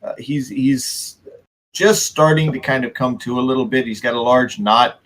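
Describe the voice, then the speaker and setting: A man narrating as game master of a tabletop game, halting often and restarting his sentences. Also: mid-range voice, fairly bright tone, slight background noise, rough recording.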